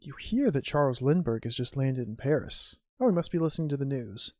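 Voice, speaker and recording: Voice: mid-range voice, lively intonation, darkish tone, no echo, clean studio sound. A streamer casually commenting on an old adventure game, musing wryly and reading typed commands and game text aloud. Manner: wry, musing, types commands aloud slowly.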